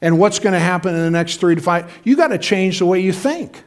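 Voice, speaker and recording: A man's voice: high-pitched, animated, a little fast. A middle-aged man preaching a sermon in a folksy, conversational way, with frequent asides to the congregation. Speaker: pastor.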